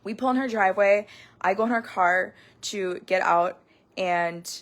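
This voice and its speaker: A woman in her thirties hosting a podcast, telling stories in a rambling, profane, animated monologue. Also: mid-range voice, unhurried. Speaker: podcast host. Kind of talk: casual monologue.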